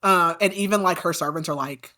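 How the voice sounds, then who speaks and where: Briskly and with a bright, forceful tone, a fairly low-voiced woman recaps a book on her podcast. She keeps it chatty and loose, saying "like" constantly and getting indignant about the characters.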